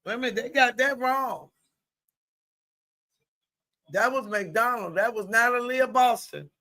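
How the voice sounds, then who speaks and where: A woman with a fairly high voice streams live play-by-play commentary, speaking a little slowly. Her chat is colloquial and friendly, and she exclaims loudly at good plays.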